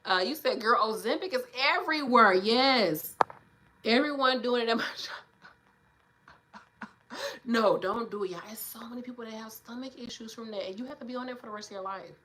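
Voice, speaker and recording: A woman nurse in her thirties chatting casually on a livestream, animated and preachy, addressing viewers directly. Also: medium pitch, a little hiss or hum. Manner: animated, preachy, talks straight to viewers with "y'all" and "child".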